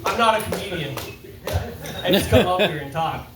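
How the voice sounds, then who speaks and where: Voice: mid-range voice, lively intonation, moderate pace, crowd noise. A host introducing the next comic at a pub comedy night, casual and friendly. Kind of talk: stage introduction. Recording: echoey pub, distant mic, background noise.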